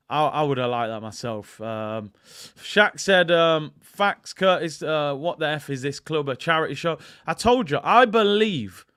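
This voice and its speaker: A man hosting a live fan stream, ranting in an animated, outspoken way and now and then breaking into song. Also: fairly high pitch, smooth. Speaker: fan channel host.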